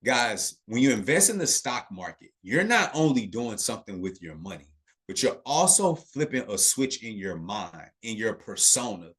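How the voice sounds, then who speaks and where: A man's voice: lowish voice, big pitch swings, normal speed, fairly bright tone. A man teaching a live online investing class in a casual way, emphatic and talking straight to his chat audience, repeating key points and checking in with "okay".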